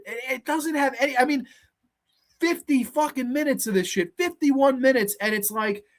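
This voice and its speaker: A host reviewing episodes in a casual rant, profane and exasperated, swearing often, with pitch jumping when worked up. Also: fairly bright tone.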